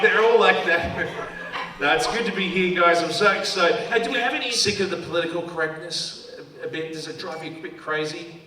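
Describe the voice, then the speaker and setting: An Australian man doing stand-up at an awards night, teasing the crowd with playful banter. His voice sits high. He is picked up from a distance in a very echoey hall, with an audience audible around him. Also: fairly even intonation, brisk. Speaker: comedian hosting an awards night. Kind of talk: stand-up comedy with crowd work. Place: large event hall with a live audience.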